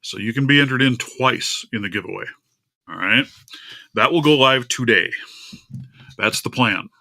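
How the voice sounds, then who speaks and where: This livestream host has a mid-range, gravelly, bright voice with a forceful tone, speaking at normal speed. He chats casually, grumbles as his screen share fails, and talks to his cat.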